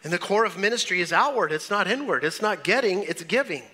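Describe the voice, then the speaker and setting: A man preaching a sermon as pastor, earnest and urging, his voice swinging from loud highs to soft lows. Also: animated. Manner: earnest, rising and falling in pitch and volume, preaching with pauses.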